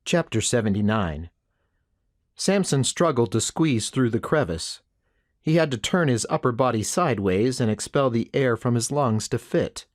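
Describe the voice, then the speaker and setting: A man's voice: medium pitch, lively intonation, normal speed. Man reading an audiobook steadily. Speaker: audiobook narrator. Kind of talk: first-person audiobook narration.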